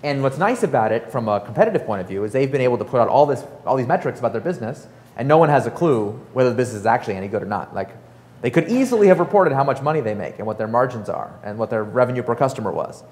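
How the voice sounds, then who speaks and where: A man giving a casual, animated talk to an audience, full of fillers and acted-out quotes. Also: mid-range voice, rapid-fire, long reverb tail. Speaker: startup author and speaker.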